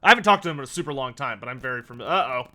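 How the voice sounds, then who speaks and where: A man livestreams a strategy game with casual commentary, thinking aloud, chatting, and answering viewer questions. His mid-range voice is sharp and animated, and he speaks rapid-fire.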